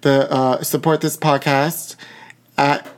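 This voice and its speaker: A man's voice: a little high, flat delivery, slow pace, clear, resonant tone. A man hosting a podcast in casual chat, talking in a dramatic, self-mocking, rambling way. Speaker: podcast host.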